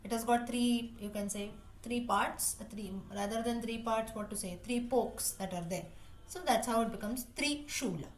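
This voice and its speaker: A woman's voice: fairly high pitch, normal speed, a little hiss or hum. A woman teaching a class, explaining word meanings patiently and repeating terms as she rephrases. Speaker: Sanskrit teacher.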